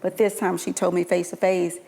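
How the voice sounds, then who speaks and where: A woman, a guest, telling a personal story in a halting way, often restarting her words. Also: lowish voice, flat delivery, creaky, mellow, in a large hall. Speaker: guest, caregiver.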